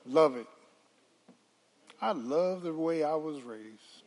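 An older woman preaching a sermon, telling folksy stories and calling out to the congregation, dropping to hushed asides and rising to shouts. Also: low-pitched, expressive, takes it slowly, long pauses. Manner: dramatic swings from hushed asides to shouted exclamations; folksy storytelling with call-and-response to the congregation.

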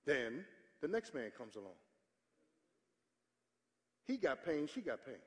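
A male pastor preaching a sermon with call-and-response, building up to shouting. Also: mid-range voice, big pitch swings, takes it slowly. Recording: church hall reverb with faint congregation.

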